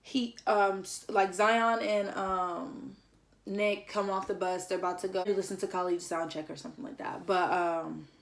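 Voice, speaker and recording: A woman's voice: mid-range voice, normal speed, gravelly. A young woman vlogger telling a story in a chatty, slangy way, full of "like" and acted-out lines. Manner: animated, acts out others' lines. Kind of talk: casual storytelling.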